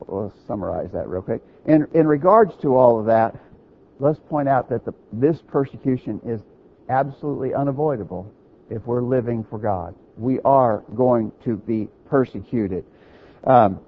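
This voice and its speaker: A man's voice: a little high, slightly rough, dull audio. A man preaching a sermon, teaching earnestly, quoting scripture and checking in with his listeners.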